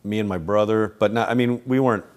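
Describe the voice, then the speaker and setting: A middle-aged man in a casual interview at home, rambling with many restarts and soft chuckles. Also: on the low side, quick pace. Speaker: interview guest, animator and voice actor.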